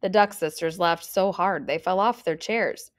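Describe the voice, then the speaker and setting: A woman, a teacher, reading a children's picture book aloud with expressive voices for the characters. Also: lowish voice, moderate pace. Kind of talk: storybook read-aloud.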